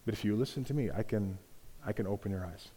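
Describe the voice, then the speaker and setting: A sly male serpent leans in and coaxes in a low, hushed, conspiratorial murmur, as a preacher puts him on. The tone is mellow and dark, never raised. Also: quick pace, slightly rough.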